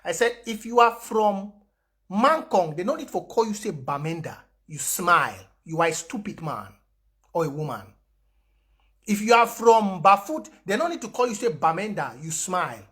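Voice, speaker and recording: Impassioned Cameroonian man, high voice. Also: sing-song, moderate pace, sharp tone. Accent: Cameroonian Pidgin English. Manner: impassioned, emphatic repeated declarations; mixes pidgin and English with frequent fillers. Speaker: activist host of an online broadcast. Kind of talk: livestream address to followers.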